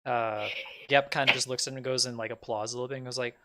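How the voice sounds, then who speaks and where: A man's voice: medium pitch, steady tone, quick pace, bright, forceful tone. A man narrating as game master, rambling loosely with many fillers.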